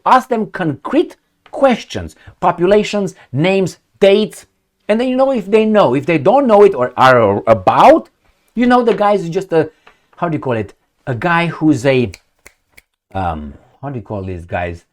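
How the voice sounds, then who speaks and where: A man hosting a solo political commentary. He talks bluntly and sarcastically, swears, and rambles with searching fillers. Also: fairly high pitch.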